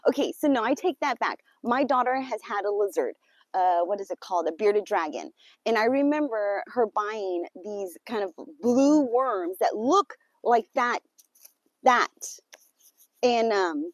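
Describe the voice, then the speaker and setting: Her mid-range voice is animated as she wanders her farm garden, chatting casually with live vlog viewers. Quick exclamations and nervous laughter punctuate her talk, captured in a dry recording.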